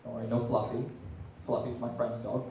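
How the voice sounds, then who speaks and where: A young man doing a stand-up comedy set, dropping deadpan asides and loud punchlines. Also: medium pitch, a little fast, recorded from a distance, noisy background. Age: young adult. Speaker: student stand-up comic. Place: small comedy venue, audience laughing. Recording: very echoey room, heard from afar.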